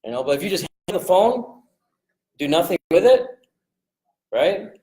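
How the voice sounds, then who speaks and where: Energetic man coaching, roomy sound. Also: high voice. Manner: energetic, acts out calls in quick voices. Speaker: real estate investing coach. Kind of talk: casual coaching talk to a group.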